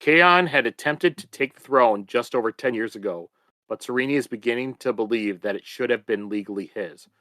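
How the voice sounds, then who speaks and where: Bright-voiced man reading a recap. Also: mid-range voice, moderate pace, dry recording. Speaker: podcast co-host summarizing chapters. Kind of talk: reading a chapter summary.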